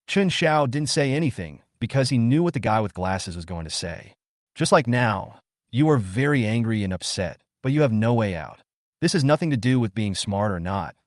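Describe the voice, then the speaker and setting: A man narrating a comic story as a steady, scripted read. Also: mid-range voice, no echo, studio quality.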